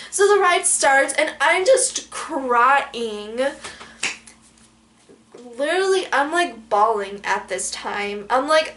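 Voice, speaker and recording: A young woman vlogger telling a story in an animated way, full of fillers and dramatic quoted outbursts. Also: high voice, slow, a little hiss or hum. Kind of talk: storytelling vlog.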